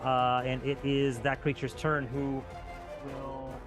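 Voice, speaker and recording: A man's voice: medium pitch, completely flat delivery, slow pace, over music. A man running a tabletop game as game master, narrating in a loose, filler-heavy way.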